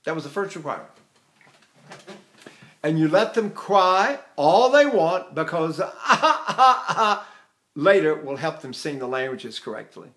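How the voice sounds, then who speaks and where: An older man teaching singing technique, talking in an animated way, showing vocal sounds and chuckling as he explains. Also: on the high side, moderate pace.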